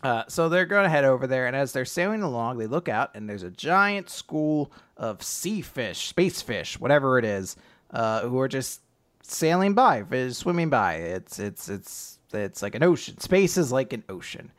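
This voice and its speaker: A man's voice: mid-range voice, very animated, moderate pace, fairly bright tone. A man hosting a casual recap, rambling and laughing as he retells the chapter. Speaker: podcast host recapping an anime. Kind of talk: casual chat.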